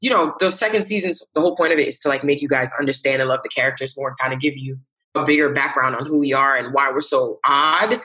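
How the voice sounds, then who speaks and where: A woman's voice: rumbling low, fast talker, bright, forceful tone, breathy edge, poor audio. A young adult woman, a voice actor, chatting animatedly in an interview and laughing often. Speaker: voice actor guest. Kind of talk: casual interview chat.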